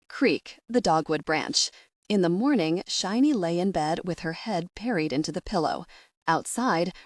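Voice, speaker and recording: A woman narrating a first-person audiobook in a measured, expressive way. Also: on the low side, no room sound, studio quality.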